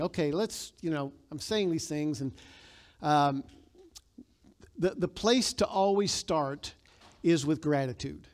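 A man with a notably high speaking voice preaches a sermon. He talks in a casual, conversational way, then rises into loud, emphatic scripture lines that he has the congregation repeat back to him. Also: unhurried, pauses often. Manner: leads the congregation in call-and-response. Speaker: pastor.

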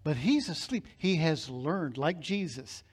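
A male pastor delivering a sermon in an emphatic, storytelling way. His voice sits high for a man, and he pushes his key lines to loud peaks. He retells scenes vividly and drives his points home. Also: expressive, a little slow, breathy edge.

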